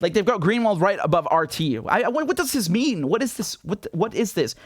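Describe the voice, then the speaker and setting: Sarcastic British man, high voice. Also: big pitch swings, fairly quick, no echo, clean studio sound. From Britain. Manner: incredulous, sarcastic, repeating rhetorical questions. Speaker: independent journalist and show host. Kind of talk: commentary monologue to camera.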